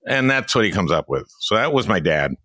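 A low-voiced older man from Minnesota hosting a relaxed chat. His pitch swings widely as he tells stories and laughs along, and the sound is dry and close. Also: a little fast, dry recording. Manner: animated storyteller, laughs often. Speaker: podcast host. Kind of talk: casual chat and storytelling.

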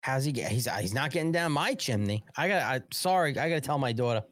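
A man's voice: mid-range voice, expressive, fast talker, a bit bright, no room sound. A middle-aged man hosting a live political commentary show, ranting in a mocking, sarcastic way, swearing and laughing often.

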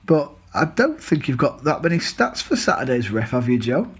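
Chatty lad co-hosting, bit husky, self-mocking, keeps saying mate. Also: male voice, medium pitch, big pitch swings, moderate pace, fairly bright tone. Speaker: podcast co-host. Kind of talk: casual chat.

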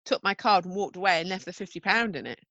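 A woman, co-hosting a casual chat, expressive and quick to laugh. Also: mid-range voice, dry recording, highs cut off. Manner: expressive, laughs easily, playful voices in anecdotes. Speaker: podcast co-host.

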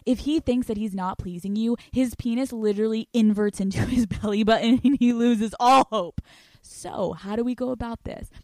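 A woman's voice: medium pitch, dark tone, no room sound. Young woman, podcast host, brash and profane, laughs a lot, dry close mic. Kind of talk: casual podcast monologue, reading listener questions.

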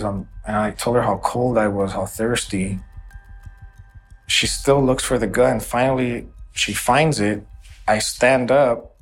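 A man's voice: lowish voice, fairly even intonation, unhurried, soft background music. A man giving documentary interview testimony, recounting a shooting in an earnest, emotional first-person way.

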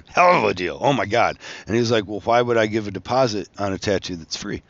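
A man hosting a podcast, telling a profane, animated story and laughing as he goes. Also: fairly low pitch, fairly quick, no room sound, dull audio. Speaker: podcast host, tattoo artist. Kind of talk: casual storytelling.

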